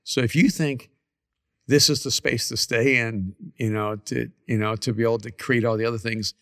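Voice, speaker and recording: A man's voice: medium pitch, fairly even intonation, normal speed, creaky, fairly bright tone, no echo, clean studio sound. A man, a pastor, talking earnestly and reflectively in a casual podcast conversation, recorded in a church's main room. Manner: earnest, reflective, stammers on restarts.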